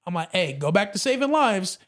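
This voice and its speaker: A man guest on a podcast, telling a story in a casual, animated way and acting out what others said. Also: high voice, a little fast. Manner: animated, acts out quotes, says bro a lot.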